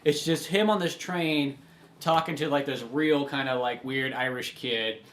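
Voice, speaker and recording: A man's voice: medium pitch, measured pace, a bit bright. A man co-hosting a podcast, chatting in an easygoing way about films. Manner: easygoing, chatty, laughs along. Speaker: podcast co-host. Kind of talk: casual film discussion.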